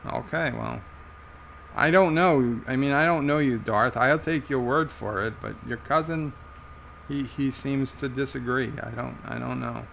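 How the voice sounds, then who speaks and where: An American man hosting a casual live stream, reading chat messages aloud in an amused, halting way. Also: mid-range voice, creaky, fairly bright tone, slight background noise. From United States. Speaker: livestream host reading chat.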